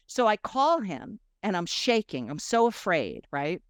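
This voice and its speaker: A middle-aged woman telling a personal story as a podcast guest, mid-pitched and very expressive. She acts out the people in her story, jumping between high excited bursts and quiet, low asides. The sound is close and dry. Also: normal speed, few pauses, no room sound. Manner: animated, acts out quoted dialogue with big swings in pitch and loudness. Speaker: guest coach.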